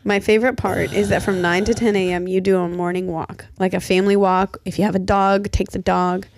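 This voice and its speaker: A woman's voice: mid-range voice, little pitch movement, brisk, a little mellow, no room sound, clean studio sound. A woman in her thirties co-hosting a casual chat, easily amused and giggling, talking through a family daily schedule like she talks to her kids. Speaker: podcast co-host.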